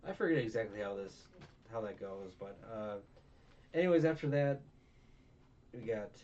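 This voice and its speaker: A man's voice: lowish voice, lively intonation, normal speed, a little mellow. A tired young man hosting a casual review chat, rambling with many fillers and self-mocking asides. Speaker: podcast host. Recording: distant, dull mic with faint noise.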